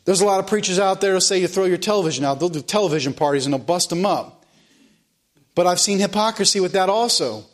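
A man's voice: high voice, expressive, fast. A man preaching a sermon in an earnest, emphatic way, repeating phrases to drive points home. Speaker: pastor.

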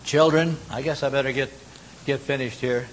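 A man preaching a sermon in a folksy manner, moving between loud exhortation and hushed, low tones. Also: fairly even intonation, moderate pace. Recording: long hall reverb, faint rumble.

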